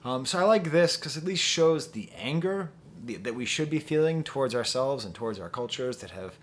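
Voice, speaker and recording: A man's voice: medium pitch, expressive, moderate pace, a bit bright. A man giving a casual album review to camera at home, chatty and thinking aloud with fillers and restarts. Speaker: music reviewer.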